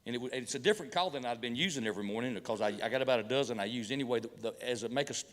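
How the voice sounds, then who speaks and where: A middle-aged pastor spins folksy hunting stories into a sermon, stumbling and restarting as he goes. He mixes humor with preaching in a relaxed, homespun way. His voice rings through a large church hall with a long reverb tail. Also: mid-range voice, rapid-fire.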